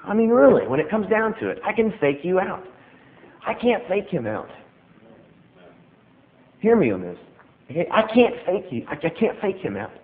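A middle-aged man preaching a sermon, emphatic and animated, repeating key phrases for stress. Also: high voice, normal speed, long pauses. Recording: tinny phone-like sound.

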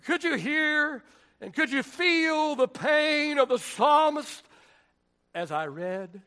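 A male pastor with a very high voice and lively intonation preaches in a church sanctuary, reading scripture and praying. His deliberate, emphatic delivery rises at moments into shouts.

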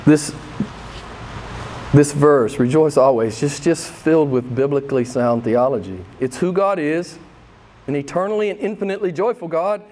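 A male pastor delivering a sermon in a high-pitched voice. He preaches with fervor, doubling back on phrases to drive them home. His delivery swings between loud, emphatic bursts and slow, quieter lines.

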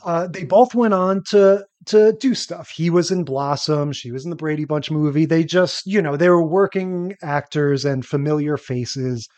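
A man's voice: on the high side, moderate pace, few pauses, a little mellow, dry recording. A man co-hosts a casual podcast chat about old television. He offers frank, dry critiques in an easy, conversational voice, with a few filler words along the way. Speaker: podcast co-host. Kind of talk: casual chat recapping TV episodes.

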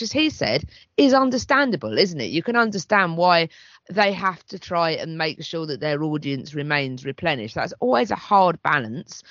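A woman co-hosts a chatty podcast, her voice rising and falling with lively movement. She reasons things through in a measured way, often restarting a thought. The sound is dry and close with a slightly dull, muffled top. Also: low-pitched, no echo. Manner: measured, thinking aloud with restarts. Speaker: podcast co-host. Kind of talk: casual discussion podcast.

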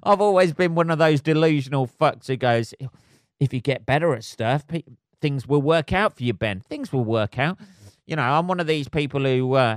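A man hosting his own podcast, ranting casually with lots of swearing and trailing off into low mutters. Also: moderate pace, no echo, clean studio sound. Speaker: podcast host. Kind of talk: casual solo rant.

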